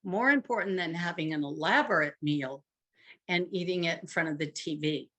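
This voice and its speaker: A woman's voice: on the low side, moderate pace, a bit bright. An older woman giving an instructive talk to couples, emphatic and conversational, with dramatic dips and rises in her voice. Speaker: marriage workshop speaker.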